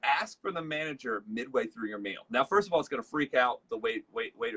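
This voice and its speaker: Hosting a casual leadership talk, this man has a bright, a little husky, medium-pitched voice that's animated and a little fast. His storytelling is chatty and loose, heavy on fillers, and he voices the dialogue of his characters.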